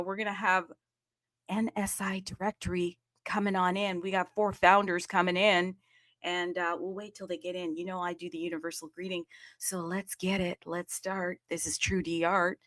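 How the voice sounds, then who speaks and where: A woman's voice: lowish voice, level tone, normal speed, fairly bright tone, no echo, studio quality. Sassy, bubbly woman hosting a live space. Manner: sassy, playful, bubbly hype talk. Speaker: host of a live audio chat room.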